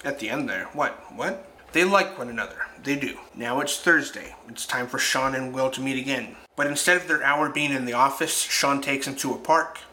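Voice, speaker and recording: A man talks through a film's scenes in a casual review, pausing for reflective asides. His voice is mid-pitched and bright with a forceful edge. A faint background hiss sits under the recording. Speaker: film reviewer. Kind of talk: casual film review narration.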